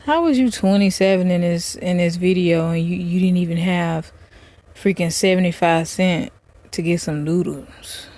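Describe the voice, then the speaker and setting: A woman's voice: lowish voice, moderate pace, a little mellow. A woman vlogger giving blunt, mocking casual reaction commentary.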